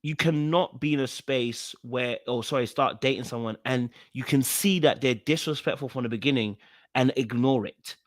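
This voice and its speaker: A man giving casual commentary on a reality show, animated and full of fillers and restarts as he repeats his points. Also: mid-range voice, moderate pace, no room sound, clean studio sound. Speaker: reaction video host.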